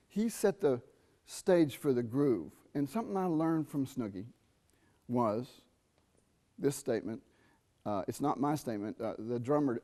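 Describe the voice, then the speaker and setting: A man's voice: mid-range voice, dark tone. A middle-aged man giving a jazz trumpet masterclass in a conversational way, quizzing his listeners and singing out rhythms. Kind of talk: masterclass talk. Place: university theatre stage.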